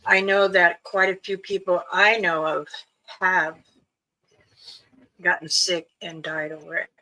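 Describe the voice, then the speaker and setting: A woman hosts a casual livestream at an unhurried pace, giving loose, repeated warnings to her listeners. Her voice is bright and clear. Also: lowish voice, flat delivery, rough recording. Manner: slow, warning, loosely strung advice. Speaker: livestream host.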